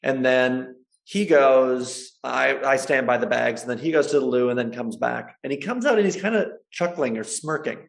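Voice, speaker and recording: A man, a chiropractor, telling stories in a casual interview, animated and laughing often. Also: mid-range voice, normal speed, vocal fry, few pauses. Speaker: guest, chiropractor and social media creator.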